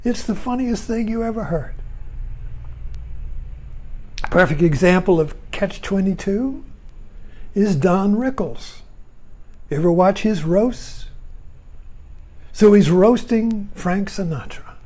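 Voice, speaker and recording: Here the Zen-and-irony speaker drifts along slowly, leaving long pauses, his high voice animated yet slightly mellow. He keeps chuckling, going off on tangents and interrupting his own sentences in this relaxed talk.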